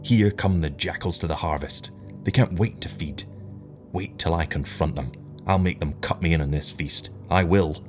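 A man voicing a desperate, grasping aging ship captain who shouts and repeats himself insistently, with faint music behind. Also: deep voice, moderate pace, natural voice. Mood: greedy, scornful.

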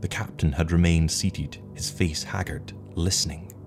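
A man reading an audiobook story in a measured, even way, with faint music behind. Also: sits low, vocal fry. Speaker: narrator. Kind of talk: audiobook narration.

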